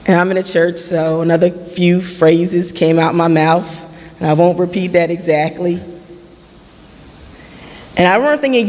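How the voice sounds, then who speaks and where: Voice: mid-range voice, normal speed. Late 30s speaker at a forum, earnest personal story, long church-hall reverb. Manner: earnest storytelling with reenacted dialogue. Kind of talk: personal testimony.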